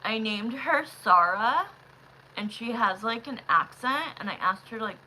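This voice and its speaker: This woman runs a live tarot stream from home and talks in an unhurried, gushing way, calling her viewers love, honey and sweetheart. Her voice is bright and forward, and it now and then leaps into loud, excited bursts. Faint noise sits under her voice. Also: a little high, poor audio. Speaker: livestream tarot reader.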